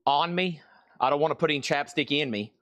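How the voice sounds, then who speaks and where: A man's voice: a little high, brisk, a bit bright, no room sound. Rambling man hosting a live sale. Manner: rambling, talks to himself as he works. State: out of breath. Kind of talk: casual live-stream chat.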